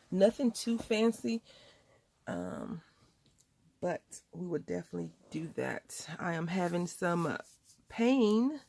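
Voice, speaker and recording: A woman chatting casually at home, telling a story while crafting, with lively quoted voices. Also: fairly low pitch, creaky. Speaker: crafting vlogger.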